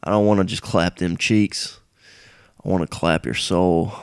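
A man's voice: low-pitched, steady tone, measured pace, clear, resonant tone, no echo, studio quality, pitched below the performer's own voice. A man putting on the voice of a cocky young man from a dating ad, speaking in a crude, mock-earnest way.

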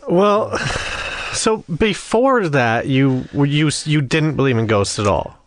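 A man hosting a podcast, asking casual questions in a halting way. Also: fairly high pitch, animated. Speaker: podcast host.

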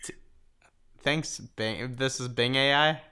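A man co-hosting a podcast in casual chat, laughing often and filling pauses with ums. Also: mid-range voice, bright, forceful tone, clean tone. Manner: chatty, laughs often, many fillers. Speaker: podcast co-host.

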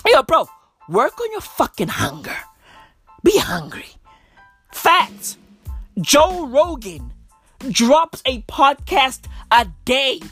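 A woman's voice: high voice, sing-song, slow, pauses often, a bit bright, husky, no room sound, faint music behind. A woman hosting a podcast, ranting casually in a brash, profane, emphatic way full of slang. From South Africa. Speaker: podcast host. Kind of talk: casual rant.

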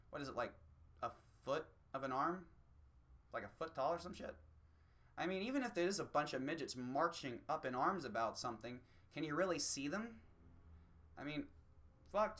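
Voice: mid-range voice, pushed and bright. Profane, rambling solo comedian. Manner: profane, rambling, self-mocking.

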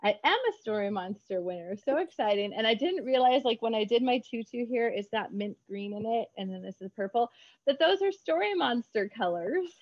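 A woman's voice: fairly high pitch, animated, brisk, no room sound. Bubbly chatty woman author, dull dry sound. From United States. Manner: bubbly, chatty, laughs often, restarts. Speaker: children's book author, guest. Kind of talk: casual interview chat.

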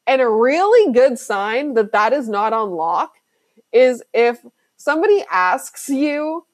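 A chatty woman hosting her own podcast, talking business coaching in a loose, slangy way with lots of "like." Her voice sits a little high, and the sound is close and dry with no room around it. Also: very animated, measured pace, no room sound. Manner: chatty, fillers like "like", slangy and emphatic. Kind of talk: casual solo podcast talk.

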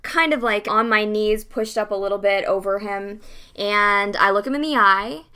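A young woman talks through a personal story in a casual interview, blunt and unfiltered. Her voice is bright and forward, and she swears freely and speaks without hedging. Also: mid-range voice, normal speed, smooth. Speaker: interview guest.

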